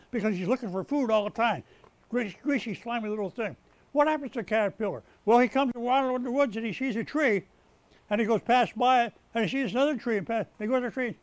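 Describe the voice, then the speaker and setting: A man's voice: very high-pitched, fast talker, dry recording. A man preaching a sermon as pastor, stressing words as he builds up and often restarting his sentences mid-thought. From United States. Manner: preaching with rising emphasis and repeated words. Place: rescue mission chapel.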